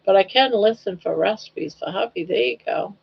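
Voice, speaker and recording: Gravelly older woman chatting on livestream. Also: mid-range voice, moderate pace. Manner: rambling, reads chat comments aloud, coos at her dog. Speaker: livestream host. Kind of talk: casual chat. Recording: dull lo-fi livestream audio.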